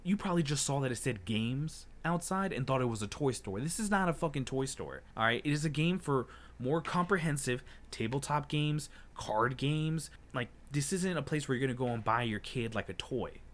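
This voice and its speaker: A man's voice: medium pitch, lively intonation, moderate pace, few pauses. Young male podcast co-host, indignant and profane, storytelling with acted-out retorts. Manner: heated, profane storytelling, acting out his own retorts. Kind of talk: casual podcast chat.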